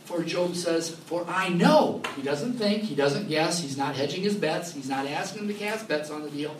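Animated man preaching in a roomy church. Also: on the high side, moderate pace, a little hiss or hum. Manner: animated, laughing often, acts out quoted voices. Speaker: pastor. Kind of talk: sermon. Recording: roomy sound from far off, faint ambience.

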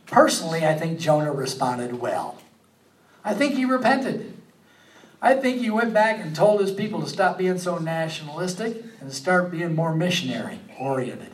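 A man preaching a sermon, animated, rising to emphatic peaks and then dropping low and quiet. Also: moderate pace, roomy sound, far from the mic, low-quality recording. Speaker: pastor.

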